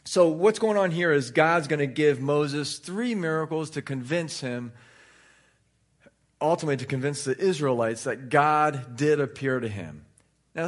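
A man teaching a Bible study in an informal, conversational way, sometimes venting frustration openly. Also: mid-range voice. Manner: animated, conversational, vents openly.

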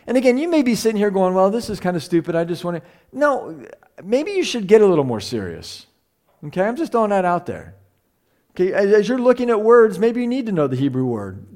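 A middle-aged man with a high, slightly mellow voice teaches a Bible class. He keeps it chatty and conversational, often repeating himself and posing questions to the room.

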